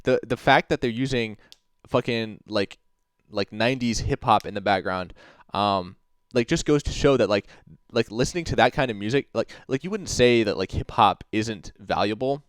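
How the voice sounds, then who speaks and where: A man with a lowish, smooth voice hosts a casual livestream. He rambles through his points, dropping "like" into nearly every phrase and swearing freely while responding to chat. The sound is dry and close. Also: moderate pace, few pauses, no echo. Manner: rambling, heavy with "like" fillers and swearing; reads out and answers chat messages. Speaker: livestream host.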